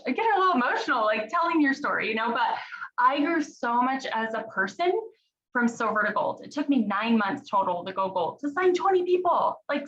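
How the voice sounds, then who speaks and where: A woman's voice: a little high, a bit bright. A woman in her thirties giving an earnest, chatty motivational talk to her team, often saying "you guys" and "y'all". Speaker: team leader sharing her story. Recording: dull lo-fi recording.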